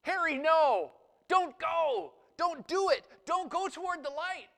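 A man voicing a panicked male cartoon fly who is frantically warning his friend, in a high, shouting voice. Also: animated, takes it slowly, vocal fry, long reverb tail, exaggerated voice. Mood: frantic.

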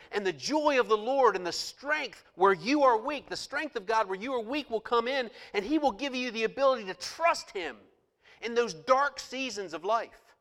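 A male pastor preaching a sermon with passion, swinging between loud outbursts and hushed asides. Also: very high voice, big-room sound.

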